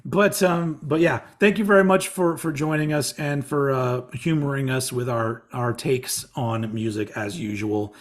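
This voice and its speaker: A man's voice: mid-range voice, unhurried, few pauses. A man from Texas co-hosting a music podcast, chatting casually, rambling and swearing with a laugh. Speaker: podcast co-host. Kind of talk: casual chat.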